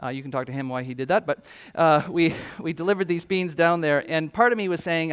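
A middle-aged pastor with a notably high-pitched voice delivers a sermon in a church. He speaks conversationally but leans hard on his points, often asking the congregation rhetorical questions. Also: brisk, hardly any pauses, fairly bright tone, clean tone.

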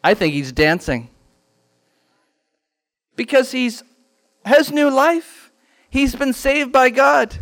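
A man teaching a children's Bible lesson in a church classroom, animated and quizzing the class with questions. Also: very high voice, slow pace, pauses often.

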